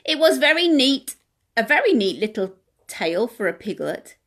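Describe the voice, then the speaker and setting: Brief: playgroup leader reading a picture book, bright and very animated. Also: female voice, fairly high pitch, moderate pace. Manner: asks children questions, sing-song. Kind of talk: storytime reading for toddlers. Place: home.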